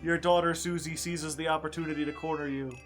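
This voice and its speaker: A man streaming a game, reading its story text aloud in a quiet voice and breaking off for joking asides to chat. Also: on the high side, level tone, fast talker, faint music behind.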